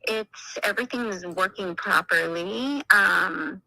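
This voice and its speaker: A woman's voice: medium pitch, slow, gravelly, sharp tone, no room sound, low-quality recording. A woman agent describing a property, hesitant and easygoing, with many fillers. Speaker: listing agent. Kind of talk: phone conversation.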